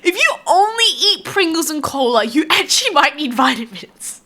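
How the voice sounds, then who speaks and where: A woman's voice: high-pitched, very animated, moderate pace, pushed and bright. An Australian woman streaming live, chatting casually and rambling with her viewers, laughing often.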